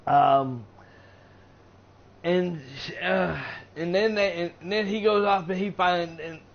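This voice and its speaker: A man's voice: high voice, slow pace, creaky, lo-fi sound. A man on a live stream casually recapping a movie, rambling with many fillers and restarts. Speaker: gaming streamer reviewing a movie.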